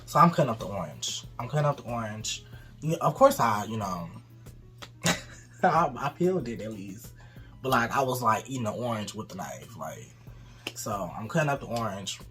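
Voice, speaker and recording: A man's voice: lowish voice, moderate pace, soft background music. A man casually telling a dramatic story to his co-host. He swears freely, acts out what people said and laughs often. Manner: animated, profane, acts out quotes, laughs often.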